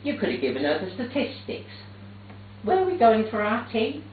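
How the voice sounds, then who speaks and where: A man's voice: high-pitched, huge pitch swings, moderate pace, slight background noise, pitched above the performer's own voice. A man on stage playing a forgetful, chatty elderly mother who prattles on unfussed. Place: theatre stage. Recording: echoey theatre, distant tinny capture.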